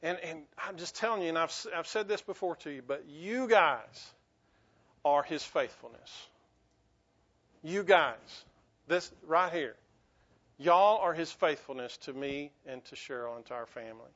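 A man's voice: fairly high pitch, lively intonation, unhurried, fairly bright tone. A man preaching a sermon as pastor, earnest and emphatic, often restarting his phrases. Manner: earnest, repetitive restarts, rising to emphatic bursts. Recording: dull lo-fi recording.

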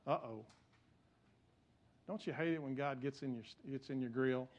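A man's voice: medium pitch, steady tone, brisk, muffled recording. A male pastor, preaching a sermon in a conversational way that builds to emphatic peaks.

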